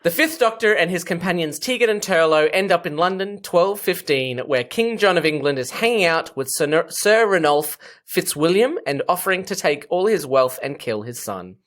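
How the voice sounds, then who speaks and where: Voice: mid-range voice, moderate pace, hardly any pauses. A podcast host with an Australian accent, talking casually and animatedly, swearing freely with frequent restarts. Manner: animated, profane, stammering restarts. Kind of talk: casual chat.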